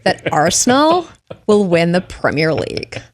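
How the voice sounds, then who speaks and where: A man's voice: high-pitched, big pitch swings, a little slow, voice pushed up. A man voicing an unsure young valley girl whose phrases rise at the end. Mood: uncertain. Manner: rising uptalk at every phrase end.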